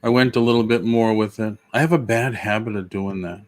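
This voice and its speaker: A man's voice: lowish voice, fairly even intonation, a little fast. Teasing man on a live video chat. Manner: joking, teasing. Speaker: co-host of a reselling live show. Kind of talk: casual chat.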